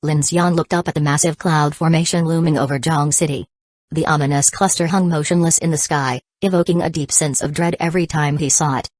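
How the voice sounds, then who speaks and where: Low-voiced woman reading an audiobook. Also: steady tone, fairly quick, darkish tone, no echo. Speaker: audiobook narrator. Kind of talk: scripted narration.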